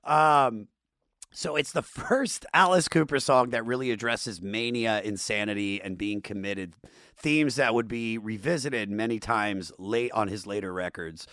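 A man hosts a loose, casual chat, talking in excited, profane bursts. His voice sits in a middle range and is recorded dry and close, with no room sound. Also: fairly low pitch, unhurried, no echo. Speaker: podcast host, comedian.

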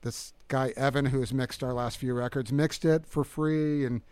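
Middle-aged male guest, halting and soft-spoken, smooth resonant voice, dry recording. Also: medium pitch, steady tone, dry recording. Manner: halting, many restarts and fillers, soft-spoken. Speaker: guest musician. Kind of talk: casual interview chat.

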